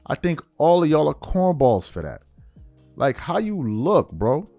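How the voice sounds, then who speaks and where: A man's voice: a little high, sing-song, measured pace, mellow, no room sound, faint music behind. A man hosting a sports commentary channel, delivering an emphatic, repetitive opinion rant straight at his viewers.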